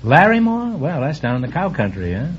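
A man's voice: fairly high pitch, huge pitch swings, brisk. A man hosting a quiz show, teasing and punning with contestants and laughing at his own jokes. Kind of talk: wisecracking quiz show banter. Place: radio studio with audience. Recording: dull old broadcast recording with faint hiss.

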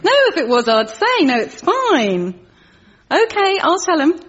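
A woman's voice: extremely high pitch, big pitch swings, measured pace, exaggerated voice. An actress playing an earnest, talkative middle-aged woman who minds a sulky teenage boy and speaks in a carefully formal way. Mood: chatty. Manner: prim, carefully formal phrasing. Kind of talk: sitcom acting. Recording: slightly muffled TV audio with faint crowd and noise.

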